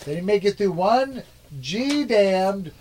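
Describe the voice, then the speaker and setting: Jokey male co-host, higher-pitched, faint noise behind. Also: expressive, slow, darkish tone. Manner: jokey, does mock ad reads. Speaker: podcast co-host. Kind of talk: comedic podcast banter.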